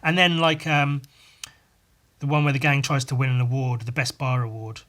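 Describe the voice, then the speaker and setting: A man talks through a casual solo podcast episode in a middle-pitched voice. He rambles and hesitates, restarting sentences and filling gaps with ums. His tone is laid-back and self-deprecating. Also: level tone, normal speed, a bit bright. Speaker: podcast host.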